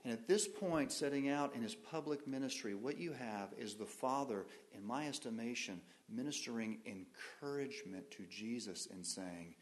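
A man delivers a sermon to his congregation in a voice of middling pitch. He keeps asking his listeners questions and moves between loud, stressed lines and hushed, softer ones. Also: normal speed, few pauses. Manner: asks the congregation questions, swings between loud emphasis and quiet. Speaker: pastor.

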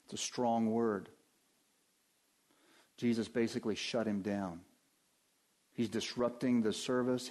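Addressing the congregation head-on, a male pastor preaches with emphasis, and his delivery swings between low, quiet moments and loud, high ones.

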